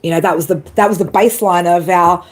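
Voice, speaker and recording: A tarot reader gives a casual live reading, rambling and swearing, ending sentences with "right?" and "man," laughing often and correcting herself. Her voice is fairly low and steady, and she talks quickly.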